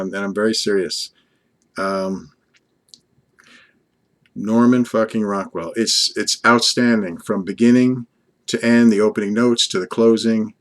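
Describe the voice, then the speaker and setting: Rambling older man with a low voice. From Long Island, USA. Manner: earnest, rambling, fond, talks to an unseen companion. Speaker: vlogger. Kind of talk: casual vlog monologue.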